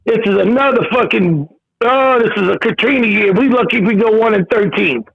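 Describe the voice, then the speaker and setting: A man's voice: high-pitched, a little fast, creaky, slightly rough. A man calling a sports show by phone, profane and despairing. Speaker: caller. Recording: muffled phone line.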